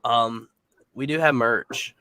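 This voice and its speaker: A man's voice: mid-range voice, takes it slowly, pushed and bright, smooth, dry recording. A man hosting a podcast in casual chat, upbeat as he plugs the show. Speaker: podcast host.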